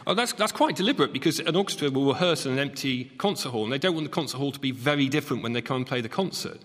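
A man who is an acoustics expert, clearly explaining how halls are designed. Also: mid-range voice, animated, rapid-fire, a bit bright. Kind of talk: explaining on a panel. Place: concert hall used as studio. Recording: long concert hall reverb.

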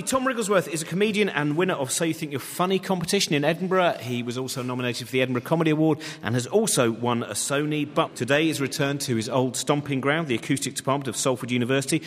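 A man's voice: mid-range voice, fairly bright tone. A man co-hosting a radio panel show, rambling and joking. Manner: rambling, jokey. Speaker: co-host. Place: concert hall used as studio. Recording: long concert hall reverb.

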